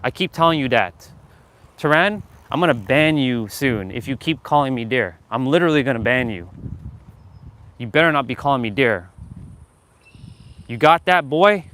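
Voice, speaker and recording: A man hosts a live motivational stream, talking to his chat in a fired-up, preachy way, swearing freely and calling out viewers by name. His medium-pitched, fairly bright voice is expressive at normal speed, with long pauses.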